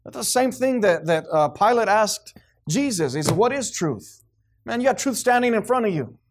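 A man's voice: high voice, normal speed. A man preaching a sermon to a congregation, acting out the voices of the people he quotes. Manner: animated, acts out quoted voices, responsive amens from congregation.

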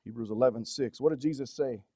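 A man preaching a sermon in an earnest, conversational way, often asking the congregation questions and shifting between soft, low-key passages and urgent emphasis. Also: quick pace, dry recording. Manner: drops to a soft, low-key delivery for stretches, then rises with urgency.

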